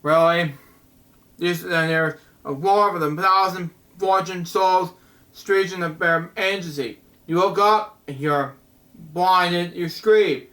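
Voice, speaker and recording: A man reviews a comic book, reading it aloud and breaking in with frequent "wow"s and "anyways". His voice is high and bright, and he moves at a slow, halting pace. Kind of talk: casual reading and commentary.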